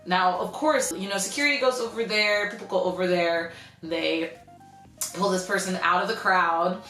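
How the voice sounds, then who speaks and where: A young woman telling a story in a casual vlog, chatty and animated, with "like" in nearly every sentence. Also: mid-range voice, normal speed, roomy sound, soft background music. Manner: chatty, animated, heavy use of "like". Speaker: vlogger.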